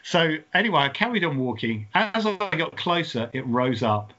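A man co-hosting a comedy podcast, telling an odd story in an animated way and often laughing as he talks. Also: a little high, moderate pace. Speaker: podcast co-host. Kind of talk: comic storytelling. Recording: dull lo-fi sound.

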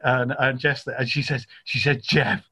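A man's voice: mid-range voice, level tone, normal speed, sharp tone. A man co-hosting a podcast, telling rambling stories and laughing often. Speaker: podcast co-host. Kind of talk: casual chat.

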